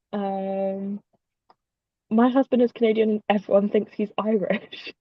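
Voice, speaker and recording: A woman's voice: medium pitch, steady tone, takes it slowly, dry recording, muffled recording. A British woman hosting a casual livestream chat, rambling and chatty with frequent ums. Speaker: host.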